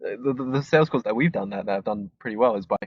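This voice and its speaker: Guest: man with a low voice, thinks aloud and restarts sentences, on dry, dull lo-fi audio. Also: racing, breathy edge, no room sound. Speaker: student guest. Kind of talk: casual conversation.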